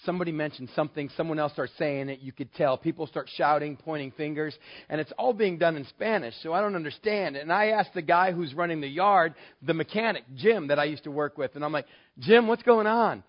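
A man from West Texas telling a personal story, lively and animated, acting out the voices in his dialogue. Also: on the high side, fairly quick. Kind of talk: personal anecdote told to an audience. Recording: dull, lo-fi sound.

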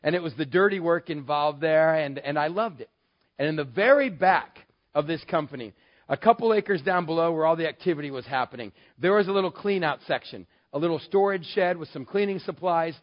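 A man from West Texas telling a personal story, lively and animated, acting out the voices in his dialogue. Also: on the high side, brisk. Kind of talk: personal anecdote told to an audience. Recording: dull, lo-fi sound.

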